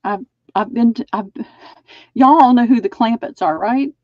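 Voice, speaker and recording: A woman's voice: a little high, normal speed, no room sound, highs cut off. A woman hosting a live online sale, chatting as she measures and describes items. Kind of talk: live-streamed sale pitch.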